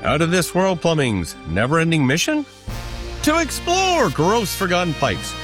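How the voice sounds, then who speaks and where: A booming, self-important starship captain, as a man acts him out in a comic radio ad. His pitch leaps and plunges across every proclamation. A music bed plays behind him. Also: big pitch swings, a little slow. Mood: grandiose. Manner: pompous, dramatic sci-fi proclamations. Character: grandiose male starship captain.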